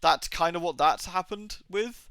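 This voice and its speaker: A young male streamer talks in a casual, rambling way, cracking jokes and tossing in quick goofy voices. His tone is bright and a touch high, and the sound is close and dry with no room around it. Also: smooth, no room sound. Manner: rambling, jokey, swears, acts out quick silly impressions. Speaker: game streamer. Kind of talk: casual live-stream chat.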